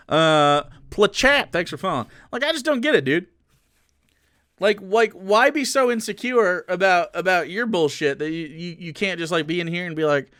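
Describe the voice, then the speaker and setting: A man's voice: a little high, fairly bright tone, no echo, clean studio sound. Crude, mocking male streamer. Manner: crude, mocking and combative, with sarcastic asides. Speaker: livestreamer. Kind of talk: casual livestream rant to chat.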